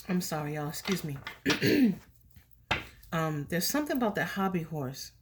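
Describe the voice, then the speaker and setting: A woman's voice: fairly low pitch, sing-song, takes it slowly, a little hiss or hum. A woman doing a casual, emotional tarot reading for her viewers, chatty and slipping in Spanish words. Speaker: tarot reader.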